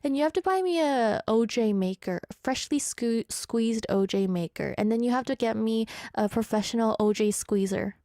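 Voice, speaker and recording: A woman's voice: a little high, moderate pace, hardly any pauses, warm tone, dry recording, clean studio sound. A woman hosting a radio show, chatting casually and teasing as she reads out listener messages. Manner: playful, teasing, laughs at her own jokes. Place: radio studio. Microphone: studio microphone.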